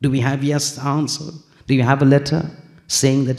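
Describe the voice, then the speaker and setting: A man's voice: medium pitch, steady tone, quick pace, a little mellow. A man preaching a sermon, telling a story with acted dialogue, rising to emphatic peaks.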